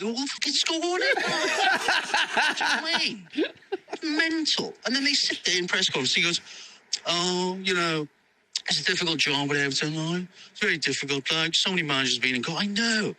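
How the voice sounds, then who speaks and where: A man's voice: fairly high pitch, sharp tone, low-quality recording. A man ranting about his football team in a voice message, rambling, swearing and laughing. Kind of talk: ranting voice note.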